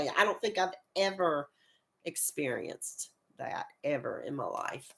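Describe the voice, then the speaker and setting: A woman's voice: mid-range voice, lively intonation, unhurried, vocal fry, sharp tone. A middle-aged woman with a rural American accent, hosting a casual crafting live stream while fighting a cold, chatting, laughing often and greeting viewers by name. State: has a cold, coughing. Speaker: crochet channel host.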